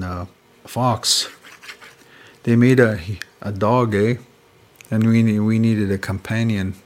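A man from Canada telling traditional star stories in an unhurried, conversational way, often tagging his phrases with "eh?". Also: on the low side. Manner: unhurried, repetitive, ends phrases with "eh?". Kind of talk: casual storytelling conversation.

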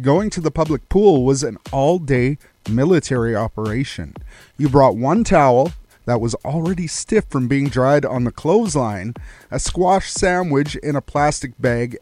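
A man's voice: mid-range voice, animated, moderate pace, darkish tone. A man hosting a radio show, telling folksy stories and reading the weather in a playful way. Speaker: radio host. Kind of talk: storytelling and weather read on radio.

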